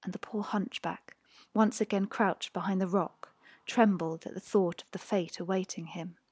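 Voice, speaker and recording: A woman's voice: medium pitch, husky, no echo. Woman reading a fairy tale, keeps slipping into whispers, mid voice, dry sound. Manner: hushed, often drops to a whisper. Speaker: audiobook narrator. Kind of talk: storybook narration.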